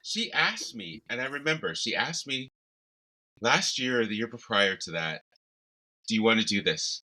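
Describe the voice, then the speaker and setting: A man co-hosting a casual podcast chat, playful and quick to laugh. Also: on the low side, low-quality recording. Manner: laughs often, animated and playful. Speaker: podcast co-host.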